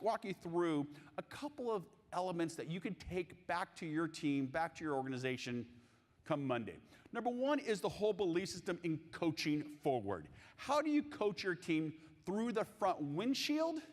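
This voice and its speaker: A man giving a live conference keynote on coaching, animated and jokey, asking the audience questions. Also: sits high. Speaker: keynote speaker on sales coaching. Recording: long hall reverb.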